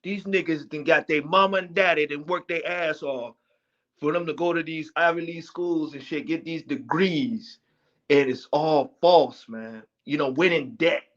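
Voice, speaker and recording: A man's voice: on the high side, normal speed, a bit bright. A man, rambling in casual podcast chat and often groping for names. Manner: rambling, searching for words. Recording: dull lo-fi audio.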